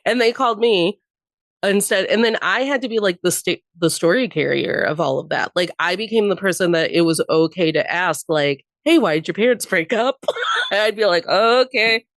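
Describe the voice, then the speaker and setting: A young adult woman guests on a podcast, casually and candidly telling personal stories, laughing often and swearing freely. Her voice is fairly low and fairly bright, at a moderate pace, in a dry recording.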